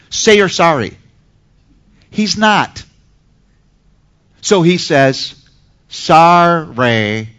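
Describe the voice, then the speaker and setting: A man giving a seminar lecture on Christian parenting to a class, emphatic and animated, with pointed rhetorical questions. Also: fairly high pitch.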